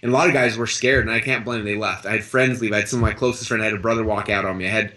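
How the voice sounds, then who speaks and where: A man's voice: fairly low pitch, rapid-fire. A man being interviewed as an entrepreneur, telling a story casually and animatedly, acting out the quoted lines of other people and leaning on "like" as a filler. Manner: animated, acts out quoted dialogue in his stories; frequent "like" and "I'm like" fillers.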